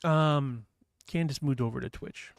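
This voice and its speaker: A man's voice: medium pitch, measured pace, no room sound, clean studio sound. Chatty man hosting a morning stream. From New Hampshire. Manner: rambling, chatty, reads chat aloud. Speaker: livestream host. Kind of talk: casual chat with viewers.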